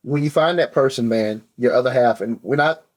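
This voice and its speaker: A man hosting a podcast in a relaxed, encouraging way, often adding "man" to his sentences. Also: mid-range voice, fairly quick. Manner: laid-back and encouraging, says "man" a lot. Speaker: podcast host. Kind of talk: casual chat.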